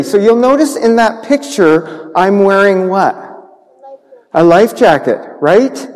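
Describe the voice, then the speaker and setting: A pastor telling a Bible story to children in church, animated, acting out sound effects. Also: male voice, sits high. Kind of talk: children's sermon. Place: church sanctuary. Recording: long church reverb.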